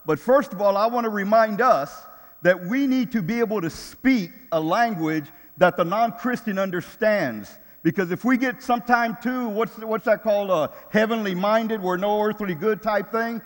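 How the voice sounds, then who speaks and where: A man's voice: high-pitched, moderate pace, long reverb tail. An older man preaching a sermon in a casual, conversational way, often repeating words as he finds his phrasing. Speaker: pastor.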